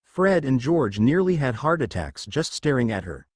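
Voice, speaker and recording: A man reading a fan fiction story aloud, with small pitch shifts to mark the dialogue. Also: very animated, moderate pace, a little mellow, no echo. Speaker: narrator. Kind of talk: scripted fan fiction narration.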